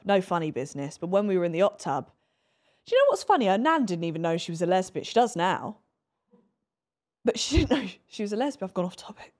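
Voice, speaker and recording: A woman in her twenties, hosting a podcast, telling a story in a chatty, dramatic way with swearing. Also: fairly low pitch. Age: 20s. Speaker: podcast host. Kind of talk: casual storytelling chat.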